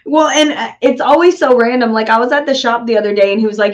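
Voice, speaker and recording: A woman's voice: fairly high pitch, quick pace. A woman in her forties with a Cajun accent, chatting in a laid-back, drawling way as co-host of a livestream. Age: 40s. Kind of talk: casual livestream chat. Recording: muffled lo-fi stream audio.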